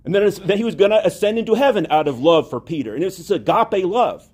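Animated husky-voiced male preacher. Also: sits high, quick pace. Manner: animated storytelling, acts out quoted dialogue. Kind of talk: homily.

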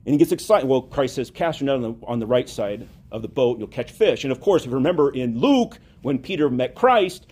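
A man preaching a homily, telling a story with lively acted-out dialogue. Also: medium pitch, a little fast, hardly any pauses, breathy edge. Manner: animated storytelling, acts out quoted dialogue.

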